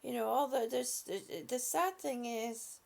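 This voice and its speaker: A woman hosting a live stream, speaking softly and affectionately to her viewers with halting, repeated words. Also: a little high, vocal fry. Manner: soft, affectionate, calls viewers honey and sweetie. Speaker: livestream host reading viewer comments. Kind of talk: slow casual live chat.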